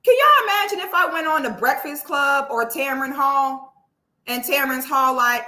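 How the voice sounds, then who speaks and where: A woman vlogger tells a story in a loud, animated, swearing and laughing way. Her voice is high, bright and lively. It rings in an echoey room. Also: moderate pace. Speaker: vlogger host. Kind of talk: casual reaction commentary.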